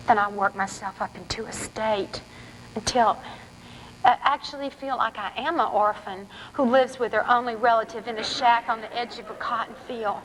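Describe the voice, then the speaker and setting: A woman author reading aloud from her novel at a forum, telling a first-person story in a lively, sly way. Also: fairly high pitch, normal speed, slight background noise, low-quality recording.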